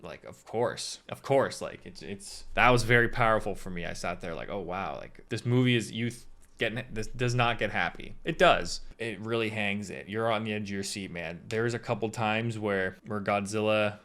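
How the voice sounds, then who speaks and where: Young man, lowish voice, casual movie review vlog, rambling, hesitant, acts out lines in asides. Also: normal speed, fairly bright tone. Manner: rambling, hesitant, trails off with "I don't know".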